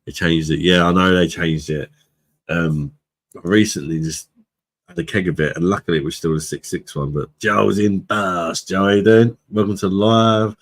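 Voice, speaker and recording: A man with a low voice and a British accent talks loosely to his live chat. He is relaxed and chatty, laughs a lot and drops casual swears. His delivery stays easygoing and unscripted. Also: normal speed. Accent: British English. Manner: laid-back, chatty, laughs often, swears freely. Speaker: livestream host, beer reviewer.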